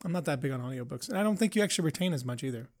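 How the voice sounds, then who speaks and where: A man with a somewhat higher voice, chatting loosely on a podcast. He laughs a lot, rambles and gets defensive when teased. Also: lively intonation, very fast. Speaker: podcast co-host. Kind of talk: casual banter.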